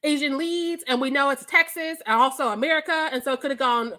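A woman with a high, bright voice co-hosts a casual podcast chat. She tells stories animatedly, swearing freely and piling on the details. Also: brisk. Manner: animated, profane storytelling with laughs. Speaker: podcast co-host.

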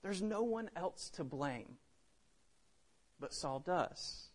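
A man preaching a sermon, swinging between loud emphasis and hushed drops. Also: fairly high pitch, animated, drawn-out words.

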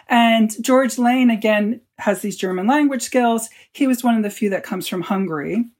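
A woman author answers an interview question by launching into a vivid story. She acts out the people in it with quoted lines, and her voice sits at an ordinary middle pitch. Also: a little mellow. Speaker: author and guest.

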